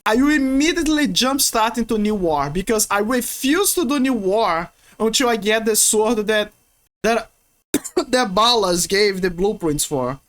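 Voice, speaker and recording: Woman streamer, loose and rambling, chats with viewers mid-game, mid-range pitch. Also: expressive, measured pace. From Brazil. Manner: rambling, playful, many restarts. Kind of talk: casual stream chat while gaming.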